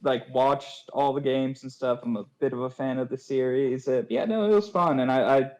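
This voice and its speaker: A man's voice: mid-range voice, moderate pace, a little mellow, rough recording. A man as guest on a casual livestream movie chat, making laid-back, brief remarks. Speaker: co-host guest.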